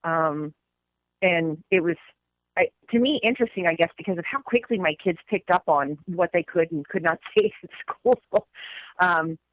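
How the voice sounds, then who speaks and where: A woman's voice: lowish voice, normal speed, dry recording, phone-quality sound. A middle-aged woman, co-hosting a podcast in casual chat, enthusiastic and laughing easily. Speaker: podcast co-host.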